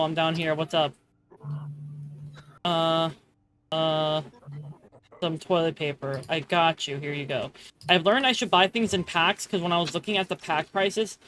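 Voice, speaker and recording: A woman's voice: sits low, fairly bright tone. A chatty woman streams a game live and talks casually with her friends and her chat. She laughs often and swears in a playful way. Faint background noise sits under her voice.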